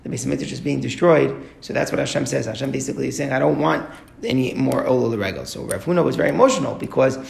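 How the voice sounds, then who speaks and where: Fast, gravelly male Torah teacher. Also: mid-range voice, darkish tone. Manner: explains text line by line, asks rhetorical questions. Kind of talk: Talmud class lecture. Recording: echoey room.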